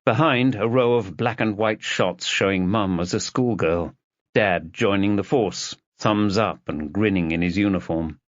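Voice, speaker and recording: A man narrating a mystery novel as an audiobook in an expressive reading. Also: lowish voice, a little slow, dry recording. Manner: expressive reading, voices the characters. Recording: dull, dry lo-fi recording.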